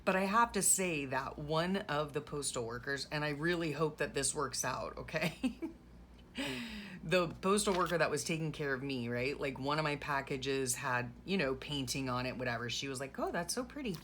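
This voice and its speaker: A woman's voice: low-pitched, normal speed, a bit bright, slight background noise. A middle-aged woman chatting casually while gluing things into a journal, rambling through a story with sarcastic asides. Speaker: journaling vlogger. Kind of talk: casual chat while crafting.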